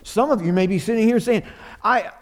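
A man's voice: sits high, brisk. A man preaching a sermon in a church, earnest and repeating phrases for emphasis. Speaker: pastor.

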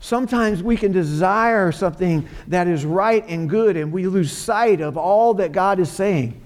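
A man's voice: high-pitched, unhurried. A man preaching a sermon in a church, earnest and repeating phrases for emphasis. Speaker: pastor.

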